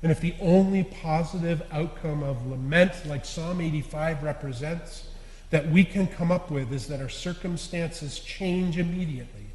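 A man giving a sermon as a lay preacher, earnest and confessional, pressing hard on some words and dropping to a hush at line ends. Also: fairly high pitch, moderate pace, slight background noise. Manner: earnest, confessional, swinging between loud stresses and quiet endings. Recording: echoey hall with long reverb.

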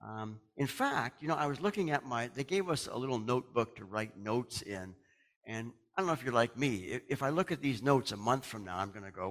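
A man's voice: medium pitch, big pitch swings, moderate pace, fairly bright tone. A middle-aged man from Canada, a pastor talking to his congregation in a chatty, folksy way, chuckling often. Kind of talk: casual sermon announcements and storytelling.

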